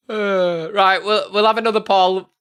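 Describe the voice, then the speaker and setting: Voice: medium pitch, takes it slowly, fairly bright tone. A live streamer, chatting casually and thinking aloud while talking to viewers. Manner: rambling, thinking aloud to chat. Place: home streaming setup.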